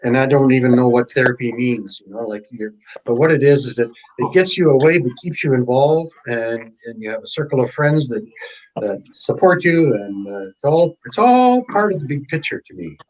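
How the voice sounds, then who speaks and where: A man's voice: mid-range voice, expressive, moderate pace, darkish tone, rough recording. Rambling, supportive man on a live chat. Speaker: live stream guest. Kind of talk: casual chat.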